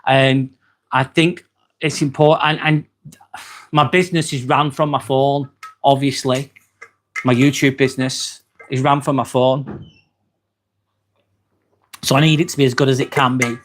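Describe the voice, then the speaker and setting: On a phone mic with a bit of hiss or hum, an Englishman with a mid-range voice hosts a casual live stream. He talks a little slowly and pauses often, chatting loosely with plenty of ums. He reads viewer comments aloud and drops in the odd swear word.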